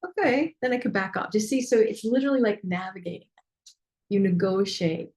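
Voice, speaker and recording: A woman business mentor teaching in a coaching session, animated and chatty, with many fillers and asides. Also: mid-range voice, a little fast.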